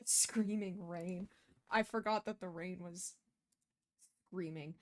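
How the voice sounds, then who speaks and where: A woman's voice: lowish voice, steady tone, slow, a little mellow. A woman hosting a reaction video, talking casually and emotionally, with many fillers and restarts.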